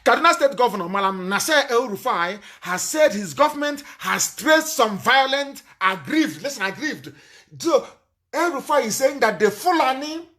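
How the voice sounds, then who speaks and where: Man, Nigerian accent, high-pitched voice, fiery live broadcast, accusing, loud outbursts. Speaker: political activist giving a live broadcast. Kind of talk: impassioned live broadcast speech.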